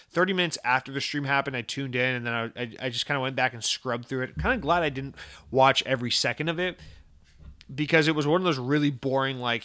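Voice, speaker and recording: A man's voice: mid-range voice, sharp tone. A man hosting a casual gaming news podcast, blunt and ranting, with frequent swearing. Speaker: podcast host.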